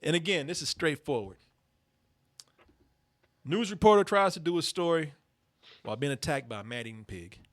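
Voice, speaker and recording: High, animated man laughing on a stream. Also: moderate pace, pauses often. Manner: loud laughing, profane, animated. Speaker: host. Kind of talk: comedic live stream banter.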